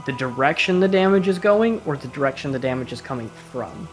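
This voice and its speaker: A man's voice: medium pitch, expressive, fairly quick, soft background music. Casual male game master describing scenes. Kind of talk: narrating a tabletop game.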